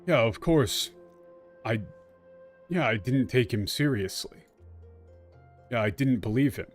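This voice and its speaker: Excitable man commenting on a game. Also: medium pitch, unhurried, faint music behind. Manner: animated, excitable, blunt and sarcastic. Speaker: game streamer and translator. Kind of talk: casual gameplay commentary.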